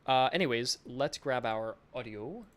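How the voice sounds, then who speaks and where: A man's voice: medium pitch, animated, unhurried, a bit bright. A male game developer thinking aloud in a casual live stream, chatty and self-mocking, swearing offhandedly, speaking into a desk microphone.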